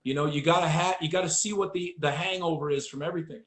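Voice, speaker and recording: A man's voice: a little high, fast, roomy sound. A man hosting a casual chat, telling dog-training stories with profanity and acted-out voices. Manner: profane, animated storyteller acting out voices.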